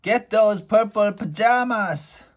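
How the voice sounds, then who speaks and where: A man voicing a bossy, greedy tooth queen who shrieks and yells her orders. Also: on the high side, very animated, measured pace, voice pushed up. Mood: screaming. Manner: shrieking, yelling.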